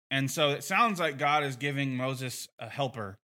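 Male bible teacher, middle pitch, bright, loose and conversational. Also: normal speed, few pauses. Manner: conversational, with frequent fillers and restarts. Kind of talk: casual bible lesson.

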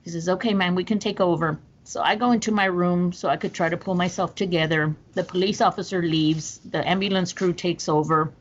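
A woman's voice: on the low side, steady tone, brisk, few pauses. A woman recounting a personal story as a guest, in an earnest, detailed way with small restarts. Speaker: podcast guest. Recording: slightly muffled with faint noise.

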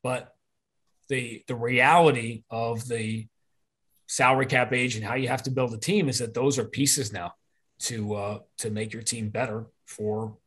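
A man speaks at a middle pitch as a podcast guest. His talk is rambling and opinionated, with many restarts and self-corrections as he works through his point. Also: steady tone, unhurried, a bit bright, breathy edge. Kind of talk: casual podcast conversation.

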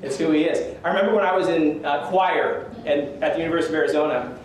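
A man's voice: on the high side, fast talker, slight background noise. A man preaching a conversational sermon in a church, easygoing and self-deprecating, with chuckles. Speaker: pastor. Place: church sanctuary. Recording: echoey church room from a distance.

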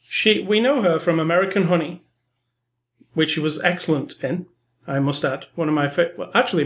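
A man's voice: a little high, fairly bright tone. A man co-hosting a casual film review podcast, easygoing and hesitant, steering the talk with questions.

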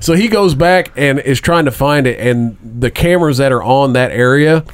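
A man's voice: medium pitch, moderate pace, smooth, no room sound. A man in his thirties with a mid-range voice tells a long story in loose, profane chat. He rambles and laughs as he goes, piling up filler words and curses. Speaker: podcast co-host. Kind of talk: casual chat.

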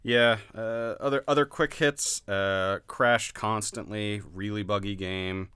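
Deep, bright-voiced blunt game reviewer man. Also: fairly even intonation, slow pace, clean tone. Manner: laughing, blunt, swears freely. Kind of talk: casual podcast chat.

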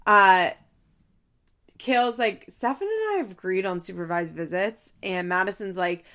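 A woman's voice: mid-range voice, animated, normal speed, a bit bright. Chatty woman recapping a reality show. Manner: chatty, laughing, acts out quotes. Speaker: podcast host. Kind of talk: casual recap chat.

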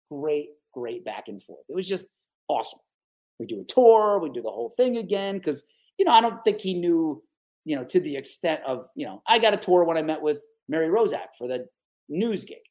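A man in his forties from the Capital Region of New York, a guest telling stories in a casual, animated interview. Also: a little high. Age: 40s. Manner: animated, lively storyteller who acts out the people he quotes.

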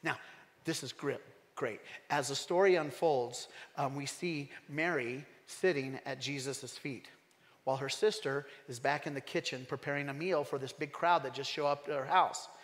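A man preaching a sermon as pastor, animated and emphatic, asking his congregation questions. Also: mid-range voice, normal speed, in a large hall.

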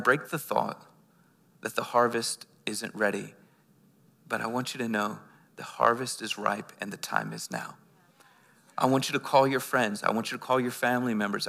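A male pastor preaching a sermon with passion, swinging between loud and hushed, often stumbling and repeating his words. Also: medium pitch, vocal fry, in a large hall.

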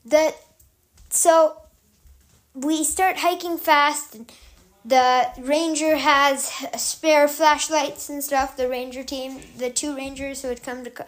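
A young woman podcast host telling a story in a calm, chatty way, loose with fillers. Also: sits high, slow. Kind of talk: casual storytelling.

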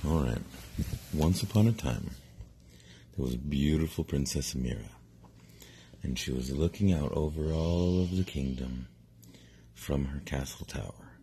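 A middle-aged man improvising a bedtime story, unhurried and meandering, often stopping to correct himself. His voice sits very low and gravelly, with a dark, husky tone. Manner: relaxed, meandering, self-correcting. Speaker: parent telling a bedtime story.

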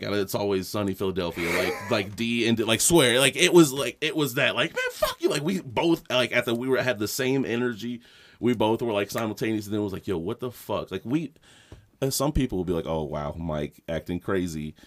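A man's voice: medium pitch, fairly quick, slight background noise. A man co-hosting a podcast, telling a rambling story in casual chat, swearing and laughing as he goes. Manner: rambling, animated, swears a lot, laughs often. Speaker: podcast co-host.

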